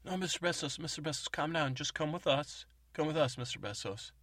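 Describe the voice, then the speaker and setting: A man's voice: mid-range voice, level tone, normal speed, a bit bright, breathy edge, no echo, far from the mic, pitched above the performer's own voice. A man voicing a polite male agent who coaxes and apologizes. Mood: apologetic. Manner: apologetic, coaxing.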